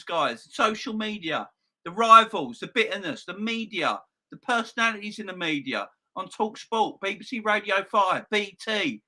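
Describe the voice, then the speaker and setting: A young man hosting a football fan channel, ranting loudly and excitably with plenty of swearing. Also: high voice.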